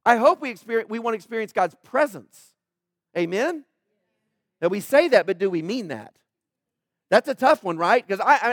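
A man with a notably high voice preaches a sermon, rising into loud emphatic bursts and acting out prayers in character. The sound is dry and close, with little room around it. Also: dry recording. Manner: acts out prayers and quoted speech. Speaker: pastor.

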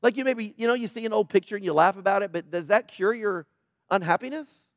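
A middle-aged man preaching a sermon in a conversational, sarcastic way, with quiet asides. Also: high-pitched, fast talker, no room sound, clean studio sound. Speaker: pastor.

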